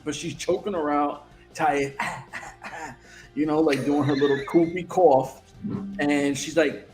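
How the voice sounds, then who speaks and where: A man co-hosting a casual wrestling chat show, telling stories in an animated, excitable way with plenty of swearing. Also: a little high, measured pace, echoey room, music in the background. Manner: animated, profane, excitable storytelling. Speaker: co-host.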